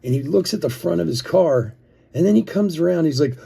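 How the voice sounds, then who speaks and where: He's a card-breaking streamer from around Philadelphia, spinning a meandering tale as he opens packs. His voice runs on the high side with a dark, creaky, breathy quality, lively intonation, and a fairly quick pace, and he keeps chuckling and saying "like."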